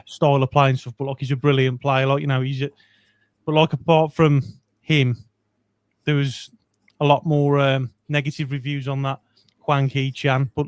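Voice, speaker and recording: A man's voice: medium pitch, smooth, no echo, studio quality. A man co-hosting a football phone-in, talking in a hesitant, filler-heavy way. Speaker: phone-in co-host. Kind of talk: casual chat.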